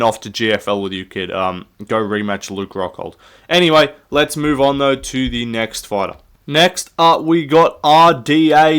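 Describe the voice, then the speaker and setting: In casual comedic commentary for his YouTube channel, a young MMA commentator rambles, swears, jokes and laughs at himself. He speaks at a medium pitch with a fairly bright, clean tone.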